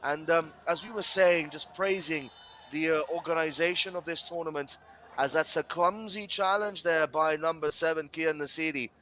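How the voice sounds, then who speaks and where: Male football commentator from Gibraltar, bright tone, chatty live play-by-play with a faint hum behind it. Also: a little high, normal speed, low-quality recording. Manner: chatty, addresses co-commentator and viewers directly.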